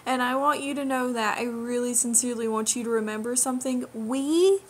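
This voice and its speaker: A woman's voice: a little high, fairly quick. A young woman ranting straight to camera in a vlog, indignant and emphatic, lecturing and repeating her key phrases. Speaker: vlogger. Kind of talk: direct-to-camera rant.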